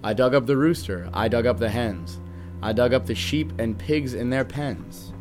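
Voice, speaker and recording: A young man reading a rhyming children's picture book aloud at a steady, rhythmic pace. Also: medium pitch, normal speed, over music. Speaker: guest reader, band musician.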